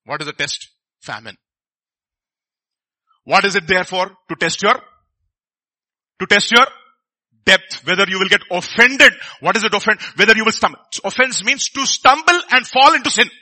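A man's voice: sits high, lively intonation, moderate pace, long pauses, bright, forceful tone. A middle-aged man, preaching a sermon in a conversational way and often asking the congregation questions.

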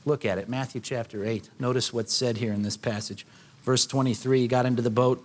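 A man preaching a sermon, conversational and animated, acting out voices from the scripture. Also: medium pitch, a little fast, husky. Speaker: pastor.

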